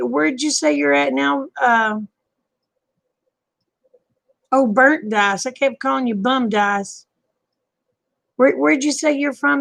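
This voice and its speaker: A woman's voice: high voice, gravelly, fairly bright tone, no room sound. An older woman, hosting a casual late-night chat and calling viewers honey and babe. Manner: folksy, calls people honey and babe. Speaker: live stream host.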